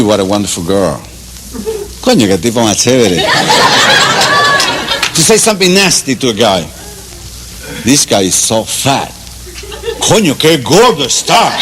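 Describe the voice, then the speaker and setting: A man from Cuba with a Cuban accent gives a playful, mock Spanish lesson, chuckling and drilling slow repetitions. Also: medium pitch. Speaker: teacher. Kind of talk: comic mock language lesson. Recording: loud background noise.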